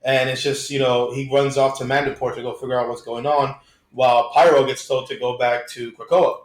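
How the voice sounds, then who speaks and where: A man's voice: mid-range voice, level tone, brisk. A man co-hosting a casual podcast chat, recapping comic book plots in upbeat detail. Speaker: podcast co-host. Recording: echoey room.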